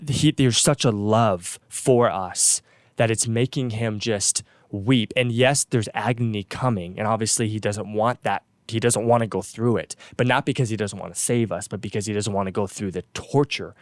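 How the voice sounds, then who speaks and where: Earnest low-voiced man preaching casually. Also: no room sound, studio quality. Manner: earnest, many restarts and repeated words. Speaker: pastor, co-host. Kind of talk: casual faith talk, sermon-like retelling.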